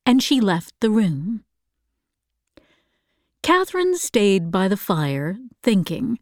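A woman narrating a novel in a calm, measured audiobook reading. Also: medium pitch, no echo, studio quality.

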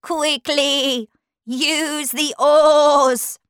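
A bossy old ewe keeps a dark little storybook shop and barks orders slowly, put on by a woman narrator. The voice sits close and dry, drawn out and insistent. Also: sits high, fairly even intonation, no echo, voice pushed up, exaggerated voice. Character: old female sheep shopkeeper, bossy.

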